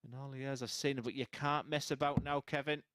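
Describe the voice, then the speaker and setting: A man's voice: medium pitch, fairly even intonation, fast talker, fairly bright tone, clear, resonant tone, no room sound. A man giving live darts commentary, chatty and opinionated, teasing his co-commentator from the commentary box.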